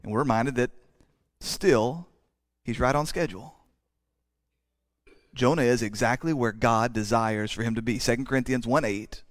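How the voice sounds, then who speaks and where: A man preaching a sermon as a pastor, conversational, with dramatic pauses and some stammered restarts. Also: mid-range voice, no room sound, studio quality.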